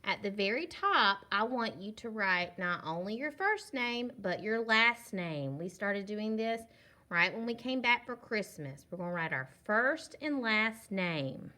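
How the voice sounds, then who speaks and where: Teaching phonics to young children in a virtual class, a woman patiently stretches out short words as she sounds them out and offers praise. She is a kindergarten teacher with an expressive, medium-pitched voice and a sharp tone.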